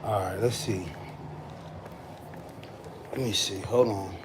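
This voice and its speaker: A man's voice: fairly low pitch, steady tone, slow pace, noisy background. A man from the United States hosting a casual livestream, loose and joking with his viewers, a little tired. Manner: loose and joking, slangy, answers chat comments. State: tired, yawning. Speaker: livestream host. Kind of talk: casual live-stream chat with viewers.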